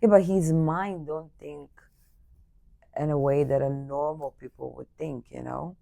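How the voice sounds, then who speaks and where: A woman co-hosting a podcast in casual chat, quick to interject and back up her friend. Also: low-pitched, steady tone, gravelly, dark tone. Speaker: podcast co-host.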